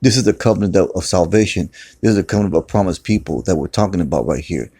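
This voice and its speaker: A man's voice: deep voice, very fast, dark tone, breathy edge. A man teaching scripture in a loose, conversational way, repeating words and often saying "man". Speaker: preacher. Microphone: phone screen recording.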